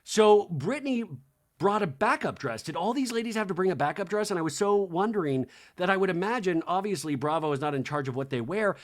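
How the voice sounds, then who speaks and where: Brief: lively, slightly high male podcaster doing a jokey TV recap full of impressions. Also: fairly quick. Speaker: podcast host. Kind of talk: comedic TV recap monologue.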